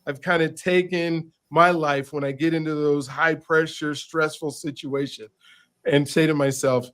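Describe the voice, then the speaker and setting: Animated storyteller, man, higher voice. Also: moderate pace. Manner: animated, repeats words as he restarts. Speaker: podcast guest, author. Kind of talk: casual storytelling in conversation.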